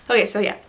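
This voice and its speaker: A young adult woman vlogging to a camera on a tripod, rambling excitedly in a casual fan rant. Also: background noise.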